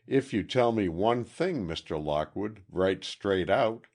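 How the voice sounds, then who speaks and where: A man reading an audiobook, voicing a blunt, excitable teenage boy detective in a raised voice. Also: fairly low pitch, slow, pitched above the performer's own voice, full character voice. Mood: eager. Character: eager streetwise teen boy detective.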